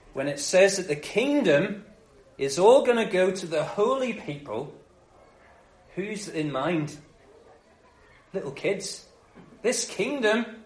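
A man preaching a sermon, telling the story with lively, jokey delivery and acting out the characters in playful voices. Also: high voice, roomy sound, poor audio.

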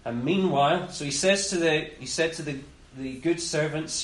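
A man preaching a conversational sermon, often voicing the master's words in quick asides. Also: a little high, fairly bright tone. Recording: roomy echo with faint ambience.

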